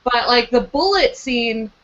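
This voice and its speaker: Casting: eager book club co-host, high voice, lo-fi call sound. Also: female voice, animated, a little slow, fairly bright tone. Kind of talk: casual chat.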